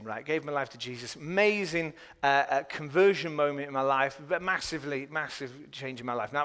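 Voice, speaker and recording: A man doing a stand-up comedy set in churches, telling lively stories and putting on voices for the people in them. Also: medium pitch. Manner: animated storytelling, voices for characters. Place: church venues with live audience. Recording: echoey church from far off with audience noise.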